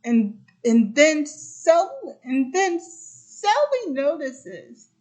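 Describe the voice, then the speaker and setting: Brief: high-voiced woman, slow and rambling casual movie recap. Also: sing-song, a little mellow. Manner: rambling, repeats "and then" often. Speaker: host.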